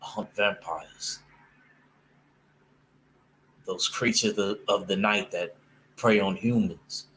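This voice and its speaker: A cold, grim vampire hunter, as a man puts him on speaks in a put-on British accent. The delivery is slow and deliberate, and the pitch sits low. The tone stays bright and forceful. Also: fairly even intonation, slight background noise, rough recording. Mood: grave.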